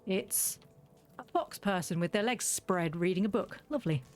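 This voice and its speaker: A woman talks her way through a video game in loose, rambling commentary, stopping to correct herself as she goes. Her voice sits at an everyday middle pitch. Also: normal speed, faint music behind. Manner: chatty, rambling, self-correcting, laughing often. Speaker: streamer. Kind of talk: let's play commentary.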